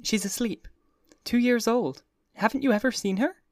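Man doing a gushing young society lady, breathless, playful, pitched way up, dry close sound. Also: moderate pace, dry recording.

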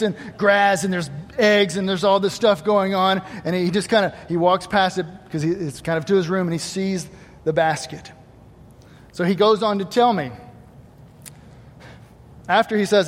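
A man with a high voice preaches in a church, animated, acting out the voices in his stories. His words ring with a long reverb through the big hall. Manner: animated, acts out quoted voices, swings between loud emphasis and quiet asides. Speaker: pastor. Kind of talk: Easter sermon.

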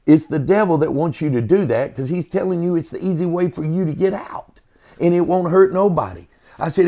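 A man's voice: on the high side, fairly quick, dark tone. A man tells an earnest personal faith testimony, acting out both sides of a conversation with a preacher's emphasis. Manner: earnest storytelling, quotes himself and others, preacherly emphasis. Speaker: podcast host, former EMT.

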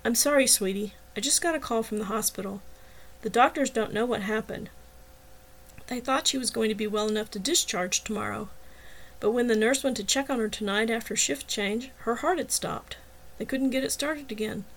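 A woman voicing a gentle middle-aged father and detective, low and solemn. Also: moderate pace, low-quality recording.

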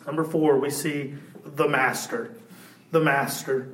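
A man preaching a sermon in a church, animated and shouting at times, then dropping to a hush. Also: fairly high pitch, slow pace. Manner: animated preaching, swinging from loud to hushed. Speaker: pastor. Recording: echoey church room.

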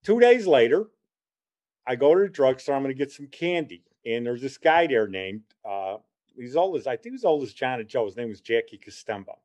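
A man's voice: mid-range voice, very animated, brisk, darkish tone. A man, rambling through a casual spoken memory and repeating himself. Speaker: storyteller. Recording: dull lo-fi recording.

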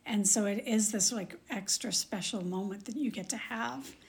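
A woman, a mother, co-hosting a podcast, telling a personal story in casual chat and acting out the quoted dialogue in a higher voice. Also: normal speed. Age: adult with children. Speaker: podcast co-host.

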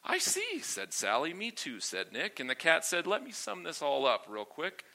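A man preaching a sermon to a congregation, then reading his own rhyming poem aloud in an animated, sing-song way. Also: on the high side, moderate pace, gravelly.

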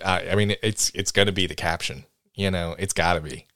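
A man's voice: low voice, brisk, no room sound, clean studio sound. A man co-hosting a podcast in casual chat, teasing his co-hosts. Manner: teasing and lively. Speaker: podcast co-host.

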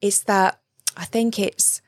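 A woman's voice: mid-range voice, steady tone, slow pace, dry recording. Earnest British woman, dry close sound. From Britain. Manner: earnest, emphatic, repeats phrases, tag questions. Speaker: guest, relationship coach. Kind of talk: conversational interview.

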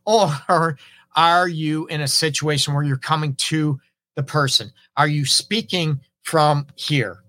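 A man's voice: a little high, steady tone, slow, sharp tone, dry recording. A middle-aged man, a relationship counselor hosting an advice talk, speaking conversationally and often checking in with "right?" while acting out example phrases. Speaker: relationship counselor and show host. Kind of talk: casual advice monologue.

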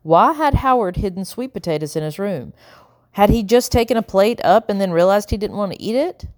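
A woman narrating a children's novel in an even, measured reading voice. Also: medium pitch, dry recording, studio quality. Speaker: audiobook narrator. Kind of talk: storybook narration.

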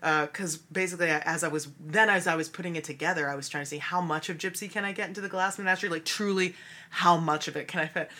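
A woman's voice: lowish voice, fairly even intonation, fast, bright, forceful tone. A woman, a stage actress and cabaret performer, chatting casually in an interview, laughing often and talking with many fillers. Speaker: musical theatre actress and cabaret creator.

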